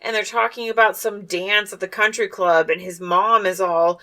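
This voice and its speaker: A woman co-hosting a podcast, chatting casually through a film recap, animated and swearing freely while acting out the characters. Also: mid-range voice, moderate pace. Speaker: podcast co-host. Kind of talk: casual movie recap chat.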